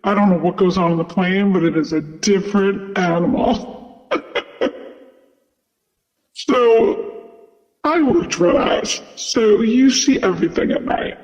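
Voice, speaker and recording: Slow, with long pauses, this high-sitting male voice belongs to a flight attendant telling a story in a chatty, casual manner. He fills it with "like" and "you know," and the recording sounds dull with a long reverb.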